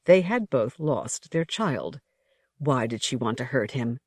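A narrator reading a novel aloud in a measured storytelling manner. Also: mid-range voice, expressive, a little mellow, dry recording. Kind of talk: audiobook narration.

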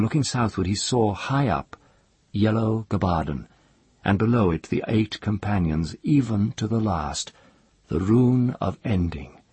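A man reading a fantasy story aloud in a calm, measured storytelling voice. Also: low voice, breathy edge, dry recording. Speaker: narrator. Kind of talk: scripted audiobook narration.

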